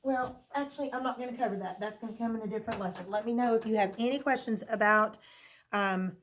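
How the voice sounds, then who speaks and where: A woman's voice: fairly high pitch, fast talker, a bit bright, slight background noise. A woman teacher giving a recorded phonics lesson. She talks patiently, checks in with a frequent "okay?", and asks questions that she then answers herself. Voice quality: clears her throat now and then.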